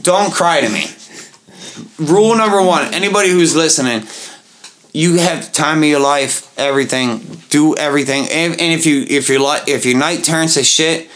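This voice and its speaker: A man's voice: a little high, moderate pace, a bit bright. A young man, co-hosting a podcast and telling a rambling, profane night-out story in casual chat, acting out other people's voices as he goes. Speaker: podcast co-host.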